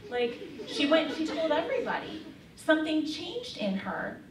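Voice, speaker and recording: A woman's voice: high-pitched, sing-song, normal speed, a crowd in the background. A woman giving a casual faith talk to young women, telling a story in a chatty way with lots of fillers. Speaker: speaker. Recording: echoey room, mic far off.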